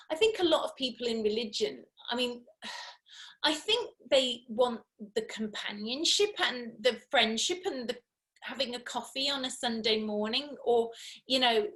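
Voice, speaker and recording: A woman's voice: fairly high pitch, bright, forceful tone. A woman guest telling personal stories in an interview, chatty and mimicking other people's reactions. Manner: chatty, many "you know" fillers, mimics others' reactions. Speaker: guest author. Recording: roomy echo.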